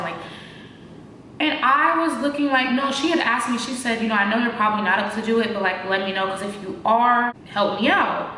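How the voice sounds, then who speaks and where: A young woman with a naturally shaky voice that cracks, telling a story in loose, slangy talk full of fillers. She sounds like she is in a very echoey room, with a faint hiss under her voice. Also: mid-range voice. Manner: slangy, animated, lots of fillers. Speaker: vlogger. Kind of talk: casual storytime chat.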